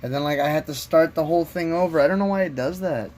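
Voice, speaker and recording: In a quick, slightly high and a little mellow voice, a man chats on a phone live-stream, muttering frustratedly to himself and viewers as he wrestles with the app's settings.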